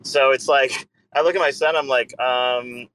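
Bright-voiced, joking man in a car. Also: mid-range voice, fairly even intonation, a little slow, low-quality recording. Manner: loose, profane, joking. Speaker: co-host. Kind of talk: casual group chat.

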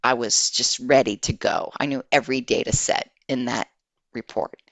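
A woman guest, an HR executive, telling a career story in an animated, conversational way. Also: a bass voice, normal speed, no echo. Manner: animated, acts out quoted dialogue.

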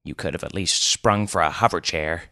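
A man voicing a bitter, sarcastic grandfather in a wheelchair, gruff in a story reading. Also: sits low, normal speed, sharp tone, dry recording, clean studio sound.

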